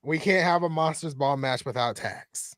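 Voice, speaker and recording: A man co-hosting a live wrestling watch-along, reacting excitedly to the action. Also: on the high side, normal speed, dry recording, studio quality. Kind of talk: casual live commentary.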